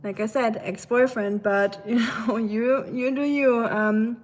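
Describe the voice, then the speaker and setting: A woman's voice: a little high, steady tone, slow pace. A woman from Germany with a German accent, casually chatting with viewers on a live stream from her home kitchen, with plenty of fillers and asides. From Germany, Black Forest.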